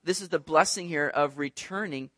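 High-voiced man preaching animatedly. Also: moderate pace, dry recording, studio quality. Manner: animated, conversational preaching with rhetorical asides. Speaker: pastor. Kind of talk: sermon.

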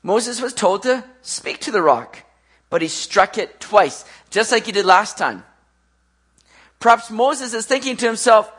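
A preacher giving an animated sermon, who rises for emphasis and then drops to a quiet, low close. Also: measured pace, husky.

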